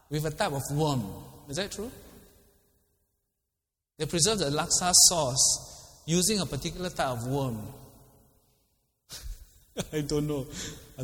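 A man's voice: on the high side, a bit bright. A middle-aged man with a Singaporean English accent, preaching in a casual, chatty way, laughing often and asking listeners by name. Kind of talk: casual sermon with questions to the congregation. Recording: long hall reverb.

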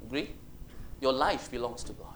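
A man preaching a sermon in an animated way, asking the congregation questions and acting out Bible voices. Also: mid-range voice, normal speed, a little hiss or hum.

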